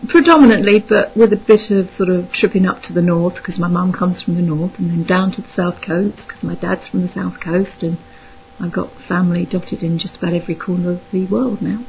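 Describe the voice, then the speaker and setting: A woman with a Surrey accent, a spiritualist minister speaking calmly and soothingly as a guest on a radio interview. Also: lowish voice, a little fast, creaky, a little hiss or hum. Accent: Surrey English. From England. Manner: soft, calm, soothing, chuckles often. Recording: dull lo-fi radio call.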